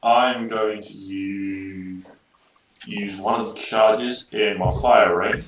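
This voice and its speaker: A man's voice: lowish voice, fairly even intonation, slow, far from the mic. A man playing in a tabletop game, talking casually and swearing now and then. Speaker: player. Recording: roomy sound, away from the mic, faint noise.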